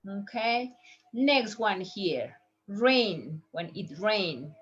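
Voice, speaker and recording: A woman teaching Spanish to healthcare workers, saying each word slowly three times for listeners to copy. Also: medium pitch, slightly rough, lo-fi sound. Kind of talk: language lesson for healthcare workers.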